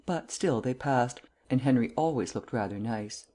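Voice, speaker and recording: Mellow-voiced male audiobook narrator. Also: medium pitch. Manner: measured, unhurried storytelling. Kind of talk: scripted narration.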